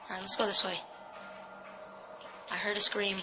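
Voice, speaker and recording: A gaming channel host, a young woman, plays a horror game at home with soft music behind her on a low-quality recording. Her medium-pitched voice stays level and moderately paced, bright and forceful, as she jitters with fear, curses, screams, and chats with viewers and her dog.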